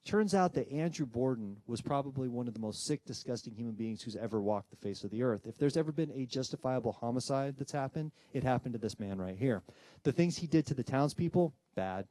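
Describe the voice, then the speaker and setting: A man who works as a paranormal investigator, telling a personal ghost story with animated, dramatic delivery and acting out the voices of people in the story. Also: mid-range voice, no room sound. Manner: dramatic pauses and tension building.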